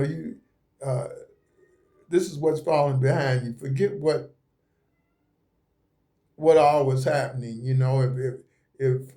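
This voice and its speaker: A man's voice: on the high side, dark tone. A man giving a casual, rambling tarot reading at a table, speaking in a folksy way and repeating himself often. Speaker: tarot reader. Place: indoors at a table with cards laid out.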